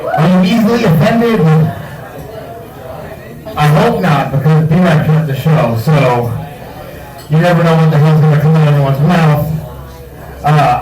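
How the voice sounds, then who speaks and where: Brash stand-up comic, male, high voice, crowd-teasing, echoey room, distant mic. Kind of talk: stand-up comedy. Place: bar comedy stage.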